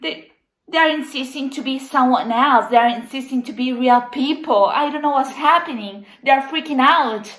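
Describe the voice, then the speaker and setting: A woman's voice: sits high, normal speed, fairly bright tone, reverberant, rough recording. An actress playing a distraught young woman organizer who stammers in frantic, melodramatic despair, in a comedic video-call sketch.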